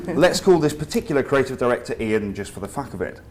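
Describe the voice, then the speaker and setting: A man's voice: mid-range voice, very animated, fairly quick, a little mellow, slight background noise. A man giving a comic, self-deprecating talk, telling a mock horror story with wry, profane asides. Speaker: invited speaker.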